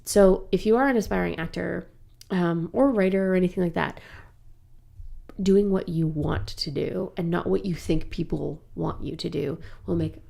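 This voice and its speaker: A woman in her thirties, an improv actress guest on a podcast, telling animated stories in casual chat. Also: on the low side, vocal fry. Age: 30s. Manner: animated storyteller, laughs often, quick asides.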